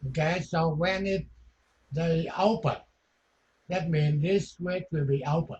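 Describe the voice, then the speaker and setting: Male lecturer, slow and halting, often repeats himself, muffled classroom recording. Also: fairly high pitch, fairly even intonation, darkish tone. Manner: halting, repeats short phrases, non-native grammar. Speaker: teacher.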